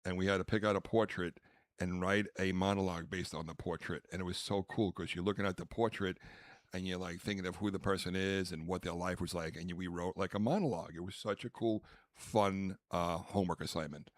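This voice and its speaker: A man with a very low voice tells stories in casual podcast chat, animated and quick to restart his sentences. The sound is dry and close, with no room echo. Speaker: stand-up comedian and podcast co-host.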